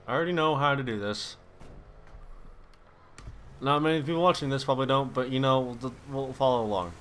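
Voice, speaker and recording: A young man giving casual gaming commentary, swearing freely, laughing and reacting loudly to the game. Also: medium pitch, fairly quick, pauses often, slight background noise. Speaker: gameplay commentator.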